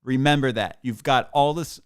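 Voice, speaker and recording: A man's voice: medium pitch, normal speed, clear, resonant tone, lightly acted. A man voicing an earnest activist who pleads urgently and emphatically in a text message he reads aloud. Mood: urgent pleading.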